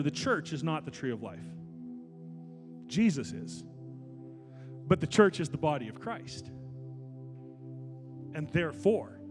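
High-voiced male pastor preaching. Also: in a large hall. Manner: builds to loud, high-pitched exhortation. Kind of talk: sermon.

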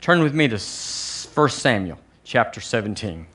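A husky, somewhat bright voice on the low side, with big pitch swings, belongs to a middle-aged pastor with a Southern American accent. His sermon moves through slow, emphatic repeats, asking the congregation to say it with him.

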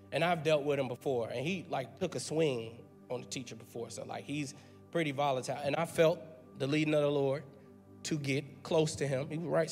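A male pastor preaching an emphatic, conversational sermon in a church, repeating words as he builds his point. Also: mid-range voice. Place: church sanctuary. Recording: long hall reverb.

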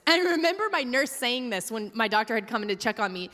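A woman's voice: on the high side, expressive, fast talker, sharp tone. A young woman pastor preaching a sermon in a chatty, humorous storytelling way, full of fillers, in a large church hall. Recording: long hall reverb.

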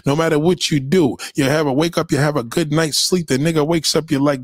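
A man's voice: on the high side, steady tone, brisk, no room sound, clean studio sound. A man ranting on a livestream in a heated, preachy way, swearing constantly and repeating his points. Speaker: livestream host. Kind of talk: profane motivational rant. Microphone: home webcam mic.

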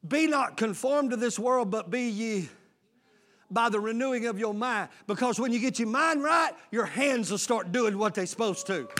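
A male pastor with a very high voice for a man delivers a sermon. He preaches with fervor, calls out questions to the congregation and bursts into shouts. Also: expressive, normal speed. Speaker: lead pastor.

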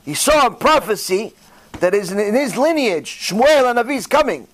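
A man's voice: extremely high pitch, normal speed. A man giving a sermon as a rabbi, preaching directly to his listeners and acting out little dialogues as he goes. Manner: animated storytelling, acting out dialogue in different voices.

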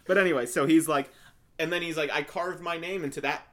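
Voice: medium pitch, fairly even intonation, a little fast, a bit bright. Laughing, swearing podcast co-host. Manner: laughing, swears freely, acts out quotes. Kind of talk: casual episode recap.

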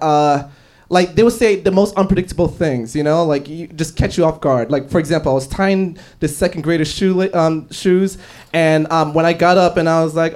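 Young man, stand-up comedy set, higher-pitched voice, filler-heavy storytelling, club stage. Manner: storytelling, with frequent fillers and laughs.

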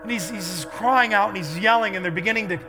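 A man preaching a sermon as pastor, telling stories in an animated way that builds to loud intensity. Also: high voice, fast, music in the background.

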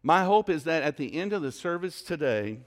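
A man's voice: fairly high pitch, animated, normal speed. A man preaching a sermon to his congregation as pastor, repeating and varying his questions with dramatic emphasis. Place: church sanctuary.

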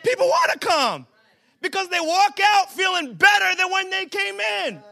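Preaching at a church service, this pastor has a strikingly high, gravelly voice with a sing-song lilt and moderate pace. His sermon is humorous and conversational, its bright, forceful tone shifting from casual joking asides to shouted emphasis.

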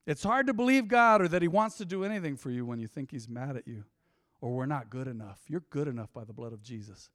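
A man preaching a sermon, swinging between loud swells and quiet, intimate drops. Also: mid-range voice, expressive, fast, dry recording, studio quality. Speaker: pastor. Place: church.

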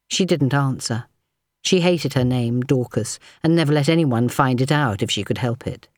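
A woman narrating a novel as an audiobook in a measured, even storytelling manner. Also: very deep voice, dry recording, studio quality.

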